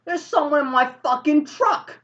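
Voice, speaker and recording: A woman voicing an angry male truck driver who yells at people. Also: high voice, lively intonation, normal speed, lo-fi sound, voice pushed up. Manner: hostile yelling.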